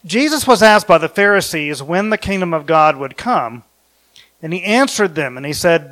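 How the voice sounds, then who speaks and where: A man's voice: a little high, expressive, moderate pace, a bit bright. A man giving an informal sermon, rambling and correcting himself, chuckling now and then. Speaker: preacher.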